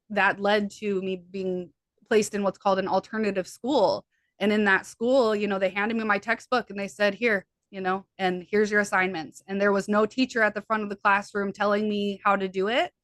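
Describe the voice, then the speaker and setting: Fast-talking woman hypnotherapist, dry sound. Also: mid-range voice, dry recording. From USA. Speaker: hypnotherapist guest. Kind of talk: conversational interview.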